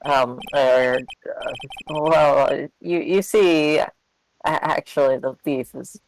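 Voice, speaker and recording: A woman's voice: sits low, steady tone, slow pace, darkish tone, rough recording. A woman voicing a timid, nervous young man in a fan voice-over of a game, stammering as he insists on his guilt. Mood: flustered.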